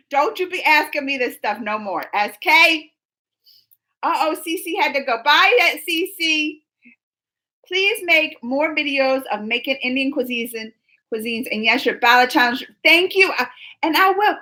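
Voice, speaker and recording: Lively high-voiced woman streamer. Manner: animated, teasing, talks straight to chat readers. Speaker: live-stream host reading chat. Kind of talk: casual live-stream chat.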